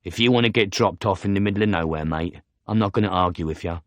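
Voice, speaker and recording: A man's voice: low-pitched, fast, fairly bright tone, no room sound. A man voicing a bored, curt male taxi driver who is secretly a goblin, in an audiobook reading. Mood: dismissive. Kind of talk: audiobook character voice.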